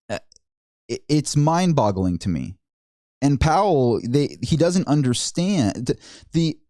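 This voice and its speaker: Male finance vlogger, sarcastic rant, mellow voice, lively swinging pitch. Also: no echo, clean studio sound. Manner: sarcastic, indignant, stammering restarts. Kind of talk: ranting commentary vlog.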